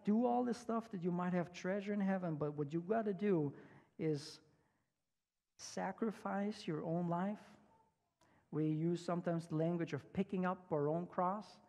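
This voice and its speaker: A male pastor preaching a sermon in a relaxed, conversational way, full of fillers and restarts. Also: high voice. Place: church sanctuary. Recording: long church reverb.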